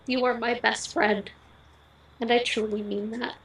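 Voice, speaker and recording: A young woman, the bride, reading her wedding vows in a heartfelt, earnest way, pausing between short phrases. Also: on the high side, flat delivery. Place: wedding ceremony venue. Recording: echoey, picked up from a distance.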